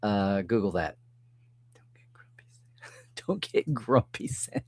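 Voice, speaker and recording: Taking it slowly in a lowish, slightly rough voice with big swings in pitch, a live-stream host reads his chat aloud. He responds to viewers casually and chuckles frequently.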